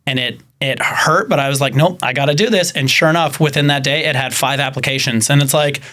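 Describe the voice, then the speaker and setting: A man in casual podcast chat, telling rescue stories at an ordinary, mid-range pitch. He talks animatedly and acts out the voices of the people he quotes. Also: brisk, pushed and bright.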